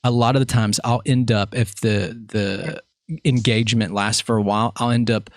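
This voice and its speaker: A man's voice: lowish voice, steady tone, moderate pace, no echo, studio quality. A man hosting a podcast interview, chatting casually in a jokey, rambling, self-mocking way. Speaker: podcast host.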